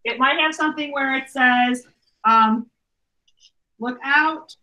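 A woman teacher runs a grammar lesson for her students over a video call. Her voice sits high and bright, and she talks in a chatty way, often checking in with an okay. She is heard through a computer mic. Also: a little slow. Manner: chatty, repeats okay a lot. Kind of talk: online class lesson.

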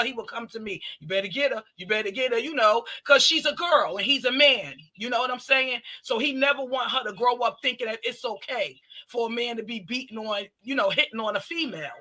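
Woman host retelling a story. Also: fairly high pitch. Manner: animated retelling, quoting others. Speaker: commentary channel host. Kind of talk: casual commentary chat.

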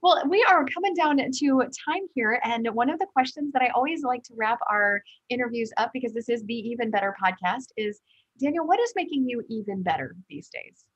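A woman hosting a podcast, with a husky, fairly high voice. She talks earnestly and conversationally, repeating words as she works out her thoughts. The recording is dry and a little dull. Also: lively intonation, brisk, no echo. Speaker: podcast host. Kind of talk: conversational interview. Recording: slightly dull lo-fi sound.

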